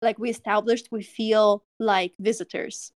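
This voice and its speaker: A woman's voice: mid-range voice, little pitch movement, a little slow, dry recording, clean studio sound. A young woman from Russia hosting a casual podcast chat, talking with lots of fillers and laughs. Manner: chatty, laughs often, many fillers. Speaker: podcast host.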